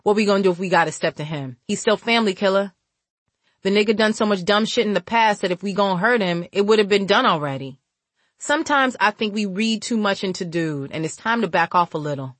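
A woman's voice: medium pitch, fairly quick, fairly bright tone, no room sound, close to an everyday voice. A woman reading the part of a blunt older brother who lectures in street slang. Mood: dismissive. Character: calm older brother, loyal to family.

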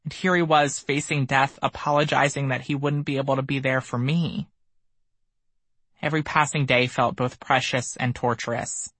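A man reading his own memoir aloud as an audiobook, measured and somber. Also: mid-range voice, fairly even intonation, fairly bright tone, dry recording. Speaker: memoir narrator. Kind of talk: audiobook narration.

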